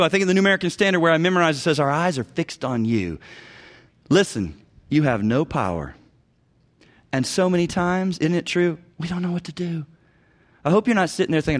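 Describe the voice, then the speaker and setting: A man with a fairly high voice preaches on counseling in an emphatic way. He swings from loud urging down to hushed, low phrases. He repeats key words for weight. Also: very animated, moderate pace, pauses often. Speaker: pastor teaching biblical counseling. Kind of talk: preached teaching talk.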